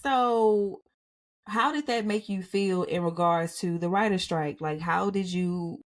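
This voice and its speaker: A woman's voice: on the low side, measured pace. A woman co-hosting a podcast, asking questions in a loose, rambling way with many fillers. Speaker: podcast co-host. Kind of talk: casual interview chat.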